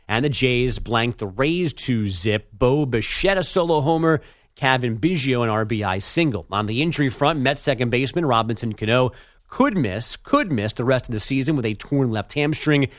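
A man's voice: medium pitch, expressive, moderate pace, no echo. A man hosting sports radio, reading a sports news update with dry, teasing remarks.

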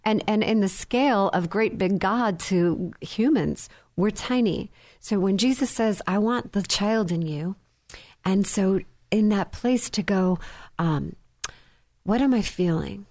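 A woman's voice: medium pitch, unhurried, darkish tone, no echo. A woman on a faith talk show, telling stories with animation and acting out childlike voices. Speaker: guest speaker.

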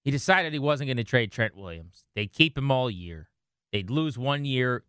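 Hoarse, animated sports radio host man. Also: medium pitch, moderate pace, no echo, clean studio sound. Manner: opinionated, emphatic rants. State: hoarse from a cold, cracking when he laughs.

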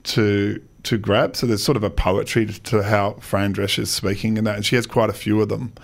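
A man talks about speeches in a radio studio, his voice a little low. He is chatty and loose, restarting phrases and laughing between points. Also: level tone, moderate pace, gravelly. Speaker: speech-site founder, radio guest. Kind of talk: casual radio chat.

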